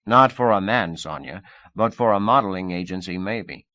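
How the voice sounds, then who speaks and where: A man voicing a confident middle-aged male agent who talks in a brisk, coaxing way. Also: deep voice, lively intonation, sharp tone, dry recording, dull audio.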